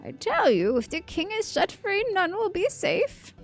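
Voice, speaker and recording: A woman's voice: very high voice, sing-song, unhurried, gravelly, soft background music, voice pushed up, heavily acted. Woman voicing a stern ancient fae elder. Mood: grave. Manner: archaic, grave pronouncements. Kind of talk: reading game dialogue aloud.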